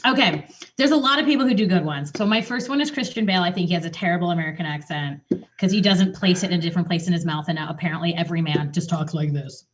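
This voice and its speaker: Animated woman chatting on muffled audio. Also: fairly low pitch, a little hiss or hum. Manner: animated, quick, rambling with restarts and swearing. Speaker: podcast co-host. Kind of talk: casual chat.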